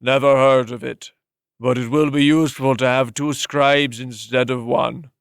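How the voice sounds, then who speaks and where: Phlegmy throaty old lord, as a male narrator puts him on, cruel, wheezing, slow menace, audiobook, dry sound. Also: medium pitch, fairly even intonation, creaky, clean tone, no echo. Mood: dismissive.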